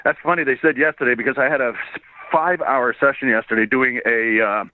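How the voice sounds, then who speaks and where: A slightly hoarse man, born in Ireland and raised in Canada, telling stories as an interview guest, laughing often and swearing casually. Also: mid-range voice, fairly even intonation, fairly quick. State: a bit hoarse. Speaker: voice actor and singer guest. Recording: dry tinny phone-like line.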